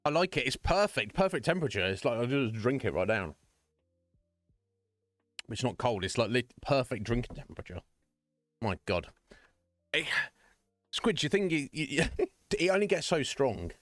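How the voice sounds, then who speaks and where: A man's voice: mid-range voice, very animated, moderate pace, long pauses, a bit bright, no room sound, faint music behind. A man chatting casually on his live stream, rambling and restarting his sentences and swearing offhandedly. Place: home streaming setup.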